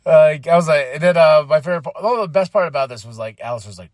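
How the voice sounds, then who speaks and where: Talking fast with no room sound, a man hosting a podcast runs through a wrestling show in a casual recap. He's exasperated and animated, playing out people's reactions and mimicking them as his voice leaps up high.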